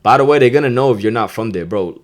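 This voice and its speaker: A man with a New York accent hosting a podcast, teaching slang in a loose, profane, animated way and getting loud when he acts out phrases. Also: medium pitch, fast. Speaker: podcast host. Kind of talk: casual podcast lesson.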